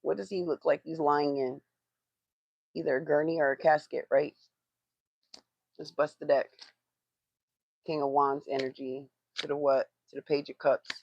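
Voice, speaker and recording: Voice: medium pitch, level tone, moderate pace, gravelly, long pauses, lo-fi sound. A tarot reader doing a live reading, blunt and profane, who swears for emphasis and talks straight to the chat.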